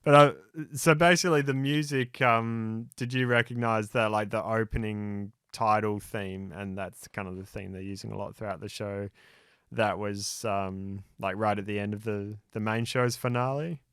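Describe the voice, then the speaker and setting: A man co-hosting a podcast in casual chat, easygoing and hesitant, often pausing on "um" and restarting his sentences. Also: lowish voice, steady tone, a bit bright, clean tone, dry recording, studio quality. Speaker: podcast co-host.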